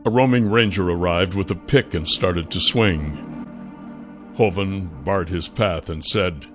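A man narrating a fantasy audiobook in a measured, deliberate way. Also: low voice, fairly bright tone. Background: faint music.

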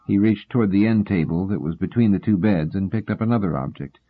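A man narrating an audiobook in a husky voice with a measured, steady reading. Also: deep voice. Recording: tinny phone-like sound.

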